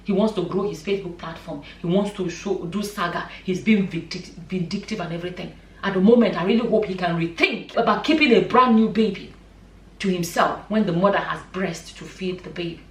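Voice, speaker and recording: A woman's voice: on the low side, brisk. Passionate woman vlogger, roomy echo. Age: adult, a mother. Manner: passionate, emphatic, repeats points for stress. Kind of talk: opinion vlog commentary. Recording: echoey room, mic at a distance.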